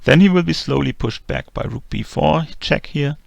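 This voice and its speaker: Male chess instructor, heavy vocal fry, dry close-mic read, methodical delivery. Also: a little high, normal speed, no room sound, highs cut off. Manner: methodical, calm move-by-move explanation. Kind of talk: explanatory chess lesson narration.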